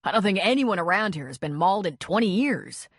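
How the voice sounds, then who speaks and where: A woman voicing a blunt, rough-spoken man in an audiobook. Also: mid-range voice, animated, a little fast, no room sound, clean studio sound. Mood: admiring.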